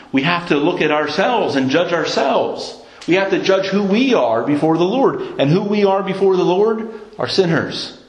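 A man's voice: high-pitched, roomy sound, low-quality recording. A man preaching a sermon in an earnest tone, often stumbling and repeating words as he searches for the next one.

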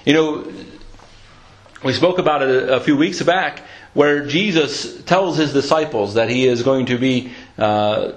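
A man preaching a sermon in a conversational way, often restarting his words and clearing his throat. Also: medium pitch, a little slow. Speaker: pastor.

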